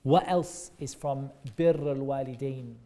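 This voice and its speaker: Mellow-voiced man teaching children. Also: mid-range voice, fairly even intonation, unhurried. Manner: encouraging, repeats answers back, asks questions. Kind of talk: interactive lesson for kids.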